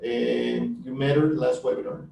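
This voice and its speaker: A man hosting a live webinar Q&A, relaxed, chatty and playful. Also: mid-range voice, unhurried, creaky, background noise. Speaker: webinar host, teacher trainer. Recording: echoey, distant call audio.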